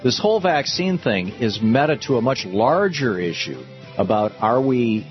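A man hosting a political talk radio show, speaking in an animated, sarcastic way that climbs into outrage. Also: mid-range voice, normal speed, muffled recording, faint music behind. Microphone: studio microphone.

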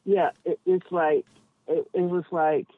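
This podcast guest, a woman cab driver, is blunt and emphatic, working through her thoughts aloud with many side remarks. She speaks unhurriedly at a fairly low pitch with fairly even intonation, recorded dry over a tinny phone connection with no room sound.

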